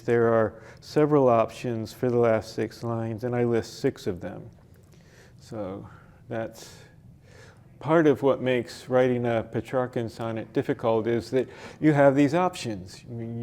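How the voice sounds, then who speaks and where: A man leading a library poetry workshop, explaining sonnet form slowly with frequent fillers and restarts. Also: medium pitch, a little mellow. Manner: slow, halting explanation with many fillers and restarts. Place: library meeting room.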